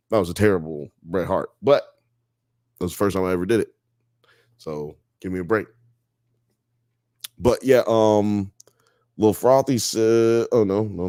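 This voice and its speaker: A man's voice: sits low, moderate pace, long pauses, darkish tone, no room sound, clean studio sound. A man hosting a live show, reading chat comments and joking around in a loose, profane, casual way.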